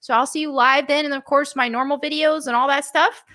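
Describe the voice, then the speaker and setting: A woman's voice: sits high, steady tone, brisk, pushed and bright. A woman hosting a live stream, chatting casually and laughing often.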